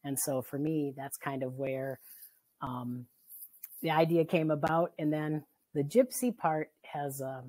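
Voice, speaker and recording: Her voice is low and dark, her pace measured, and the video-call audio has no room sound. She's a middle-aged woman working as a family therapist, reflective and sincere in a casual interview, laughing readily.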